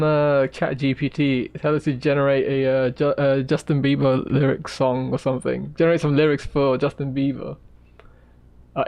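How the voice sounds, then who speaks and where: A man's voice: medium pitch, darkish tone. A man chatting casually and rambling while he sketches on a live stream. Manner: rambling, laid-back, trails off to mutter while sketching. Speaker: art streamer. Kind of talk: casual chat while drawing.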